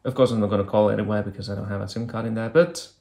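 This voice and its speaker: A man's voice: fairly low pitch, fairly even intonation, rapid-fire, gravelly, warm tone. A man reviewing an old phone, talking casually and thinking aloud with hesitant fillers as he clicks through menus. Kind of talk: casual hands-on product demo.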